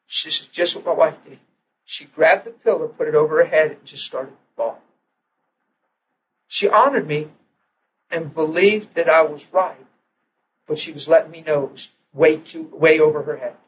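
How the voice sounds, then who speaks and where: Male preacher, fairly high voice, storytelling sermon with repeated restarts, dull recording. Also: normal speed, long pauses, slight background noise. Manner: animated storytelling, repeats and restarts, drops to soft tones for quoted prayers.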